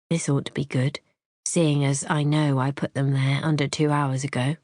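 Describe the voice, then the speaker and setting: A woman's voice: low-pitched, level tone, moderate pace, a little mellow, no room sound, clean studio sound. Wry woman narrating a thriller. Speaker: audiobook narrator. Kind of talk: first-person thriller narration.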